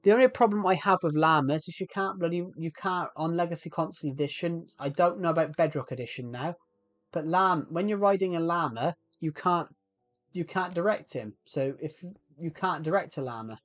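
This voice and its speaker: A man casually narrates his game for viewers in a slightly higher voice. He rambles and trips over his sentences. The sound is close and dry. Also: fairly quick, no echo, soft background music. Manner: rambling, frequent restarts, chatty with viewers. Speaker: streamer. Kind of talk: casual live game commentary.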